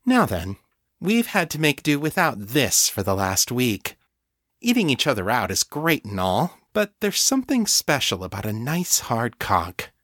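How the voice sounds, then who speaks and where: A man voicing a playful, teasing young woman in an audiobook story, raised above his usual pitch. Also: wildly swooping pitch, unhurried, fairly bright tone, no echo, clean studio sound, full character voice.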